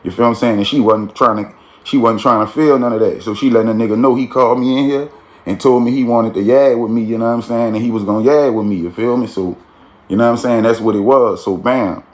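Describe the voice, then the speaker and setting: A man's voice: medium pitch, steady tone, fast. A man telling a street story in a casual, slangy way, with frequent "you feel me" tags.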